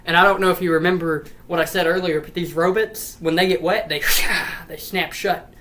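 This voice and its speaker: A woman's voice: lowish voice, steady tone, moderate pace, fairly bright tone, a little hiss or hum, poor audio. A woman rambling through a profane, comedic retelling of a story. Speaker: lore storyteller.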